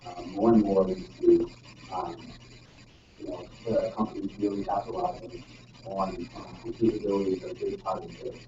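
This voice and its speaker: A man's voice: low voice, flat delivery, normal speed, dark tone. Man presenting in an echoey room. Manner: casual, full of ums and frequent "right?" tag questions. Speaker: presenter at a user group meeting. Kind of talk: technical presentation to a live audience. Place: meeting room. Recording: roomy, distant, dull sound with faint noise.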